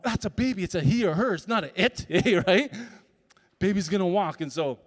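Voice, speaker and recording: A man's voice: sits high, fast. A man giving a motivational talk as a summit speaker. He tells stories and acts out voices and sounds. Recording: reverberant hall.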